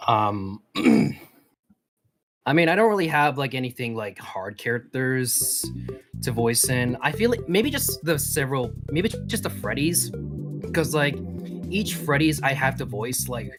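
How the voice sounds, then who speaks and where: A hesitant man voice actor on a casual stream. His pitch moves lively around a middle register, with faint guitar music in the background. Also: unhurried. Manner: hesitant, filler-heavy. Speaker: voice actor guest.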